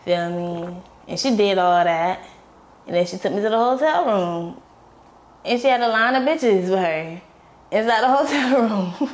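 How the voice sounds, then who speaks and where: A woman's voice: mid-range voice, measured pace. A young woman, an interview guest, tells her story candidly in a blunt, profane way and acts out the voices of the people in it.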